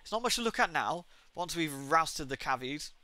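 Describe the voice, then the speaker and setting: A man's voice: fairly high pitch, animated, moderate pace, pushed and bright, no echo. Man reading a proud rat engineer. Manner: proud and welcoming.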